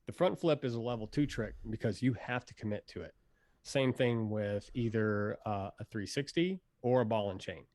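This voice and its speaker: A man who is a pro hydrofoil rider, explaining tricks in a relaxed, rambling way and using many fillers. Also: fairly low pitch, moderate pace, no echo. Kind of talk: casual instructional interview.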